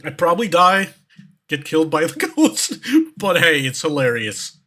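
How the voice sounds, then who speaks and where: A man's voice: a little high, very animated, normal speed, sharp tone. A man streamer reacting to videos in a loose, rambling way, full of fillers, restarts and swearing. His voice sits a little above the usual male range. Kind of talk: casual reaction commentary.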